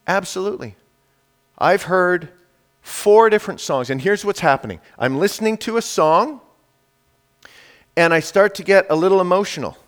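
A male pastor preaching a sermon to a congregation, rallying them loudly at times and dropping to hushed, intimate tones at others. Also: on the high side. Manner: swings from loud rallying to hushed, intimate whispers.

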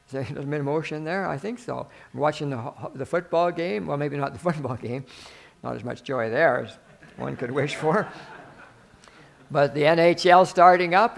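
High-voiced preacher, animated sermon. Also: male voice, creaky. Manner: animated, laughs often, shifts from soft musing to loud exclaiming.

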